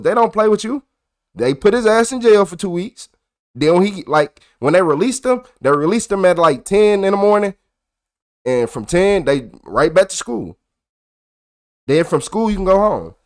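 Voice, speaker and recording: A high-voiced young man rants to his livestream chat, casually retelling a story. He's animated and profane, getting loud and worked up as he goes.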